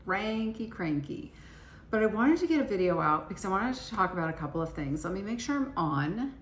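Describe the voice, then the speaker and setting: A woman's voice: medium pitch, sing-song, fast. A middle-aged woman chatting casually to camera as a beauty vlogger, rambling and self-deprecating, tired and cranky after travel. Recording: echoey room with faint ambient noise.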